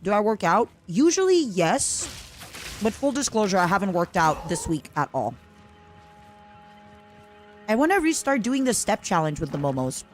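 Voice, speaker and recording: A woman's voice: mid-range voice, big pitch swings, normal speed, long pauses, a little hiss or hum. A young woman streaming a video game, chatting in a rambling, casual way and answering her viewers. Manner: rambling, chatty, reads out chat messages. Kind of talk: casual chat while playing a video game.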